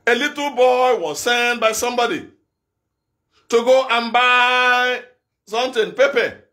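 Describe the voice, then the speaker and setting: A man preaching an impassioned, repetitive sermon, often breaking into shouts. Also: extremely high pitch, measured pace. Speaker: evangelist preacher.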